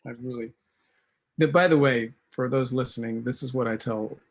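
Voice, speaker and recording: Gravelly, husky man panelist. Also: medium pitch, moderate pace. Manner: earnest, restarts often. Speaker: cartoonist and designer. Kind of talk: panel discussion.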